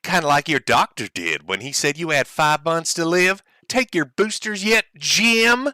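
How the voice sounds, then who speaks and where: A man's voice: a little high, expressive, unhurried, pushed and bright, no echo, pitched above the performer's own voice, exaggerated voice. A man putting on a mocking, whiny Southern drawl as a petulant grown man. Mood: snide. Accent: Southern US (put on).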